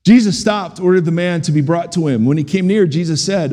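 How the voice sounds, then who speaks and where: A middle-aged man preaching a sermon as a pastor, animated and humorous, asking the congregation questions. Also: fairly high pitch, brisk. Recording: long hall reverb.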